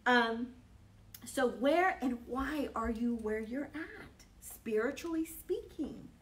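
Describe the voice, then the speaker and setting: A woman teaching a Bible study, telling a personal story, lively and emphatic, often checking in with "okay?". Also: on the high side, slow pace, far from the mic, a little hiss or hum.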